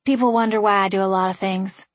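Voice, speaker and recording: A woman's voice: mid-range voice, steady tone, dry recording, close to an everyday voice. A woman voicing a sarcastic, stubborn young woman. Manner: sharp, sardonic, quick to snap.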